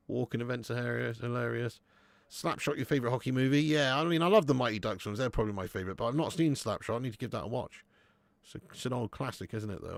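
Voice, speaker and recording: A young man hosting a live football watch-along, chatting with viewers, laughing often and swearing freely when excited. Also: medium pitch, dry recording. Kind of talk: live match commentary and chat with viewers.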